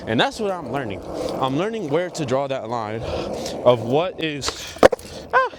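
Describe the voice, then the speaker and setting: A man's voice: mid-range voice, sing-song, measured pace, very noisy. A young man talking casually to camera as a skateboarding vlogger, rambling and swearing. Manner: swears a lot, exasperated rambling. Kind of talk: casual vlog talk to camera.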